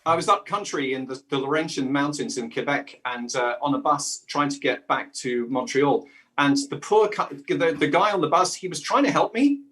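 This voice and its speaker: A man chatting as a guest in a relaxed conversation, rambling with many restarts. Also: medium pitch, moderate pace. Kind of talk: casual conversation.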